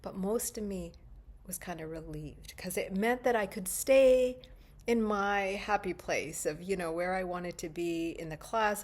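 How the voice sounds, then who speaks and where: A woman's voice: lowish voice, a little mellow. A woman hosting a spiritual video, telling a personal memory in a thoughtful, conversational way with plenty of fillers. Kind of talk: reflective personal storytelling to camera.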